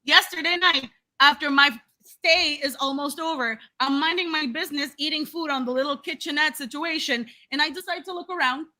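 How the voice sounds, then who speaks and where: Young woman on a podcast, high bright voice, super animated, keeps laughing and doing voices. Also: brisk. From Latina. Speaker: podcast co-host. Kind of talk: casual chat, storytelling.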